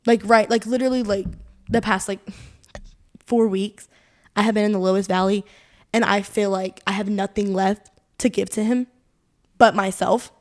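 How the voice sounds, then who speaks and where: A woman's voice: medium pitch, steady tone, moderate pace, pauses often. A young adult woman co-hosting a casual faith podcast, sharing a personal testimony in an earnest, rambling way, full of "like" and quoted inner thoughts. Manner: earnest, rambling, heavy use of "like"; quotes her own thoughts aloud, laughs often. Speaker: podcast co-host.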